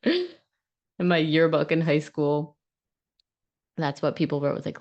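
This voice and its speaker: A woman's voice: low voice, expressive, takes it slowly, creaky, a little mellow, highs cut off. A woman hosting a podcast, talking casually and frankly in a rambling, self-reflective way that is often broken up by laughter. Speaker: podcast host and coach. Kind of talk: casual monologue.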